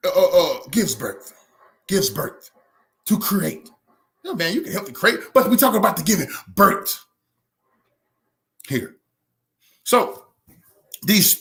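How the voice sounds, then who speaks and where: Brief: man, very high bright voice, impassioned preaching commentary, repetitive and loud at times. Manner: fiery, preachy, repeats himself, shouts at times. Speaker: commentator reacting to a speech.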